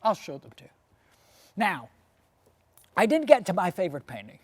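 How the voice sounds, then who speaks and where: A woman's voice: fairly low pitch, sing-song, normal speed, slightly rough. A woman lecturer and tour guide telling history as a story, posing questions to her audience and often adding "you see".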